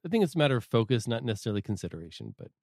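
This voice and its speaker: Male co-host, mid-pitched, relaxed explainer, trails off softly, dry close mic. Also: rapid-fire, dry recording. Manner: explanatory, laid-back, drops low and quiet at ends. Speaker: podcast co-host. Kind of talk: casual chat.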